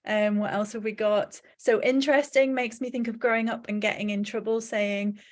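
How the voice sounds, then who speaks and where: A woman's voice: fairly high pitch, little pitch movement, moderate pace. Chatty woman hosting a live online event. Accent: English Midlands. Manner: chatty, reads audience comments aloud, laughs often. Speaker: host.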